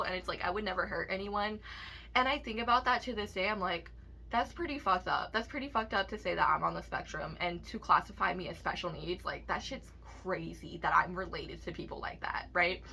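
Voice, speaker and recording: A woman's voice: medium pitch, vocal fry, sharp tone. A young woman in a casual vlog, ranting emotionally to her viewers with heavy swearing.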